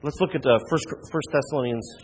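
A man's voice: mid-range voice, fairly quick, long reverb tail, a little hiss or hum. A man preaching a sermon as a pastor, earnest, with frequent restarts and rhetorical questions.

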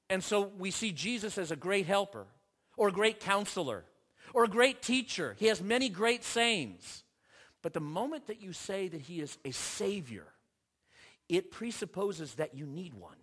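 A male pastor delivering a sermon with a bright, forceful tone and a slightly high voice. He surges with intensity on repeated phrases, then drops quiet and low, stumbling over restarts as he works through scripture. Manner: impassioned preaching, rising and falling in force, with restarts.

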